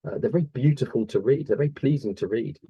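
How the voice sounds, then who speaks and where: A man's voice: medium pitch, fast talker, dark tone, slightly rough, low-quality recording. A man teaching an online poetry revision lesson over a video call, enthusiastic and explaining step by step with many fillers. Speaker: English teacher.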